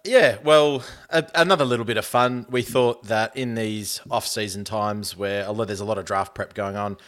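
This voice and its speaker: A man with an Australian accent, co-hosting a podcast and introducing segments in a relaxed, jokey way. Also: lowish voice, moderate pace. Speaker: podcast co-host. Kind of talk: casual podcast chat.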